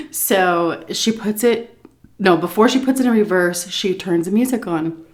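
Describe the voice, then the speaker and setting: A woman telling a casual story-time tale as a food vlogger, animated and full of fillers, acting out scenes as she goes. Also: medium pitch. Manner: animated, lots of fillers and laughs, acts scenes out.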